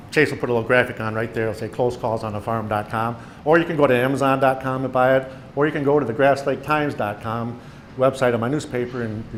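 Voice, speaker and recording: A man's voice: medium pitch, a little hiss or hum. Older man reading his own stories. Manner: storytelling with animated quoted voices. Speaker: author giving a presentation. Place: meeting room.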